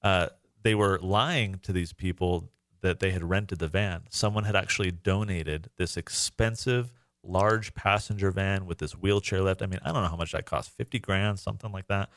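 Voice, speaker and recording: A man's voice: sits low, steady tone, normal speed, hardly any pauses, a bit bright, no echo, clean studio sound. A man, a parent, co-hosting a podcast, telling a story in a casual, earnest and emotional way with many fillers. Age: adult parent. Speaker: podcast co-host.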